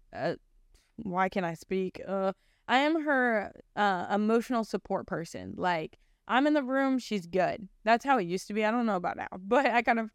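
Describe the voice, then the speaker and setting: A young woman in her twenties shares her personal testimony on a podcast, talking in a loose, filler-heavy ramble that turns earnest and emotional. Her voice is smooth and clear at an everyday middle pitch, recorded dry and close. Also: dry recording. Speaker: podcast host. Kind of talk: personal testimony, casual chat.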